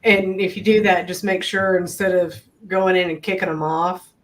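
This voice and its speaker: A woman's voice: fairly low pitch, steady tone, normal speed, rough recording. A woman on a casual livestream, matter-of-fact as she explains a practical routine. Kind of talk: casual chat.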